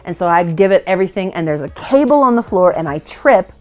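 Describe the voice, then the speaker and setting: A worship leader with a lowish, slightly mellow voice talks fast and animatedly, faint music behind her. In a casual interview she tells self-deprecating stories and laughs often.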